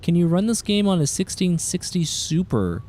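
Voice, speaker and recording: A man's voice: sits high, moderate pace, faint music behind. Chatty male game streamer. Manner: chatty, greets chat viewers, excitable outbursts. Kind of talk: casual live-stream commentary.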